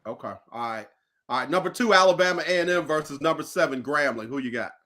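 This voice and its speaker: Male host, bright higher voice, playful teasing banter. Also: fast. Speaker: show host. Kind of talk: casual sports chat.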